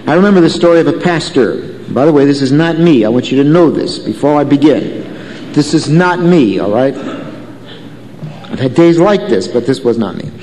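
Man preaching, kinda high voice, chatty, storytelling, echoey church hall. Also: animated, normal speed, dark tone, slight background noise. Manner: conversational, asks the congregation questions. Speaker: pastor. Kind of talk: sermon.

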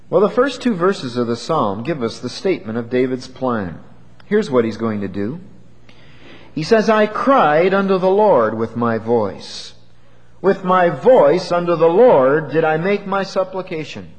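A man preaching a sermon in an earnest, measured way, asking his listeners questions. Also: a little high. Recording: long hall reverb.

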